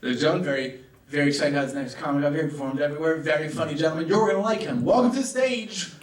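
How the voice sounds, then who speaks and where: Male club emcee, high voice, loose self-mocking patter, picked up far off in an echoey club. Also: rapid-fire. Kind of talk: stand-up hosting and crowd work. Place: comedy club stage. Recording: roomy club sound from a distance.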